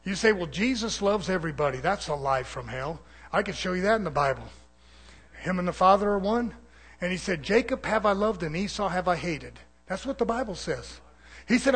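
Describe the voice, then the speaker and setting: Preacher guy going hard in church, high bright voice kinda husky, loud then low. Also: expressive, moderate pace. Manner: forceful preaching, swinging between loud peaks and low asides. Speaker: pastor. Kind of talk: fiery sermon.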